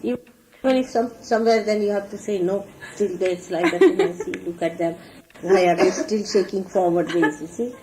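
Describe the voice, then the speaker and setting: Her mellow, mid-range voice moves at a normal speed as she gives followers a sincere sermon on proper behavior, illustrating each lesson with gestures. She is a spiritual teacher, heard on a low-quality archival talk recording with a faint hiss.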